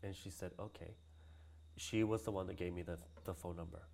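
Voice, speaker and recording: A man's voice: low-pitched, fairly even intonation, fairly quick, gravelly, a little mellow. A man from Hawaii, a cultural practitioner, telling a long personal story in a casual interview, acting out the voices of the people he quotes and laughing often.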